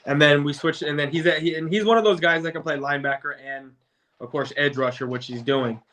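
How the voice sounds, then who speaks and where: A man with a bright, forceful voice pitched a bit high, chatting casually about football. He rambles, trips over his words and restarts his sentences again and again. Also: steady tone, fairly quick. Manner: rambling, stumbles and restarts often. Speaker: guest debater, football fan. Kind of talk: casual sports debate.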